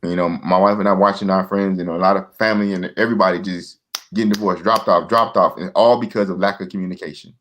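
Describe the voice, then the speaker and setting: A man's voice: fairly even intonation, fast talker, a bit bright, a little hiss or hum. A man talking casually as a guest, earnest and repetitive, often restarting his sentences and acting out quoted voices. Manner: acts out quoted voices in a higher pitch. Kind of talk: casual talk.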